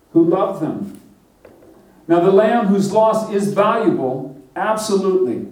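A man's voice: a little high, warm tone. A man preaching a sermon in a conversational way, asking his listeners questions and acting out short quotes. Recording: roomy echo, voice from a distance.

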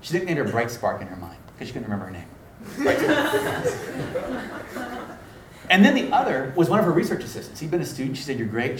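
A man preaching a sermon, telling a story and acting out the dialogue in an animated way. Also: fairly high pitch, a little hiss or hum. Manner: animated, acts out dialogue with laughter. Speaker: pastor. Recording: echoey room, mic at a distance.

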